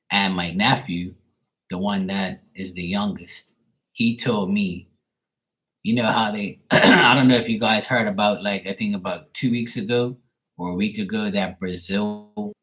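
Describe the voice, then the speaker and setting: A man's voice: on the low side, a bit bright. A man hosting a tarot livestream, chatting casually with viewers in a rambling, profane storytelling way.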